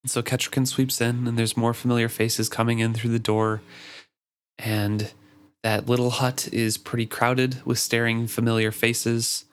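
A man discussing a book, retelling scenes in a relaxed way with fillers. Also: mid-range voice, a little slow, smooth. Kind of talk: book discussion, reading passages.

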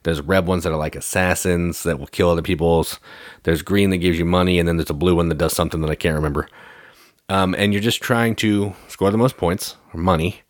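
A man co-hosting a casual board game podcast, explaining rules in a relaxed way full of fillers. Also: low voice, fairly quick, no echo, studio quality. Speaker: podcast co-host.

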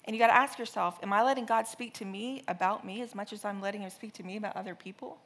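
A woman in her thirties preaching a sermon, telling a family story with lively, exaggerated re-enactments. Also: medium pitch, fast talker.

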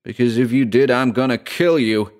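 Male reader as a drunk, grieving man, flat and dead-voiced, low and menacing. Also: moderate pace, creaky. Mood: dull menace.

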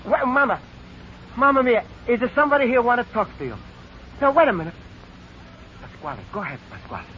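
An excitable Italian immigrant on old radio. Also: male voice, extremely high pitch. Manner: broken English, laughing and emotional. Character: warm-hearted Italian immigrant man, excitable, sentimental. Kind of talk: 1940s radio sitcom acting. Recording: dull 1940s radio broadcast, faint audience and hiss.

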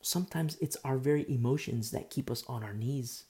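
A man's voice: medium pitch, normal speed, a little mellow. A man preaching a sermon in an impassioned way, repeating himself, restarting phrases and making asides to the congregation.

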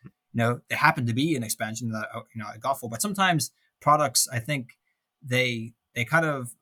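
A man's voice: medium pitch, brisk. Chatty man co-hosting a podcast. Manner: relaxed, thinks aloud with many restarts. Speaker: podcast co-host. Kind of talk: casual chat.

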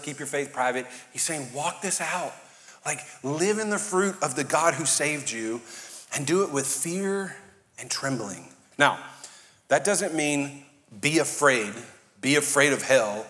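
A pastor preaching a sermon with passion and jokes, swinging between loud fired-up bursts and hushed, quiet lines. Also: male voice, fairly high pitch. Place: large church hall. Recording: reverberant live church hall.

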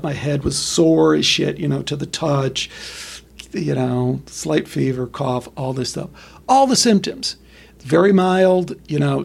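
Man, middle-aged, very gravelly, husky, high voice, blunt and animated. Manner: blunt, profane, animated storytelling. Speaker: podcast guest. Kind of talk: casual conversation.

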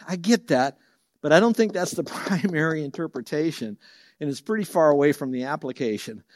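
A man preaching a sermon as a Bible teacher, telling homely stories and leaping up in pitch and volume for the voices he quotes, then dropping soft for the verses. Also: a little fast, dry recording, clean studio sound. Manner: lively storyteller who jumps high and loud for quoted voices; drops soft and low for reverent verses.

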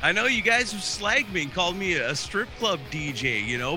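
A man's voice: high voice, lively intonation, normal speed, music in the background. A man from Wisconsin, a podcast guest with a polished radio-announcer delivery, laid-back and swearing freely. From Wisconsin, USA. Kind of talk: casual podcast banter.

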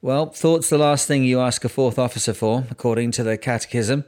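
A man reading the lines of a testy, grumbling old sea captain in his sixties with a gruff, growling voice. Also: mid-range voice, fairly quick, a little mellow, natural voice. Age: 60s. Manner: bitter, grumbling. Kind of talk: audiobook character voice.

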